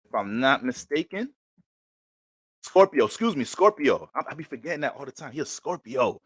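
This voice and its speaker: A man hosting an astrology livestream, talking in a loose, slangy, animated storytelling way. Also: medium pitch, moderate pace, breathy edge, dry recording, studio quality. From Bronx, New York. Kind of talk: casual livestream chat.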